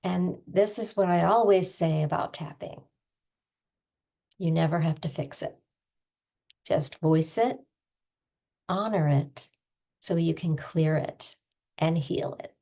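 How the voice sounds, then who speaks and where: An older woman giving a self-help tapping lesson in a gentle, encouraging manner. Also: on the low side, slow pace, vocal fry, long pauses. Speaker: tapping coach.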